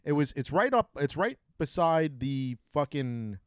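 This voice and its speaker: A man's voice: on the high side, sing-song, a little slow, smooth, no room sound, studio quality. A man in casual podcast chat, telling a self-mocking story with plenty of swearing. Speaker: podcast co-host. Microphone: studio mic.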